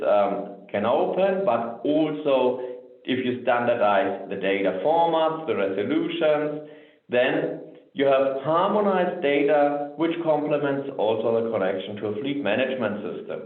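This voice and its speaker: A man's voice: mid-range voice, expressive. Man presenting a webinar over a tinny line. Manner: measured, frequent "so" and "um" fillers. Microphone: remote webinar audio. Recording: tinny phone-like line, roomy echo.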